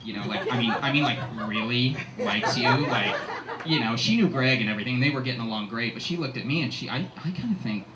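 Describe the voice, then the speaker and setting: A man's voice: mid-range voice, lively intonation, fast. A man giving a rambling, joking toast at a wedding reception, often laughing as he talks. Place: restaurant reception. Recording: echoey room with loud crowd noise.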